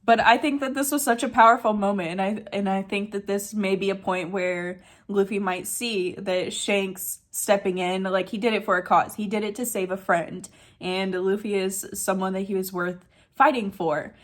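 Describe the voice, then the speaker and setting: A woman's voice: medium pitch, steady tone, moderate pace. A woman recapping a manga chapter in casual chat, chatty and emotional, saying "like" often. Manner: chatty and emotional, says "like" a lot.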